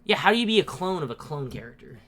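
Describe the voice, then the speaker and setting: A podcast host in casual movie-review chat, ranting and swearing with plenty of excitement and frequent laughter. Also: mid-range voice, fast talker. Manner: laughs often while talking.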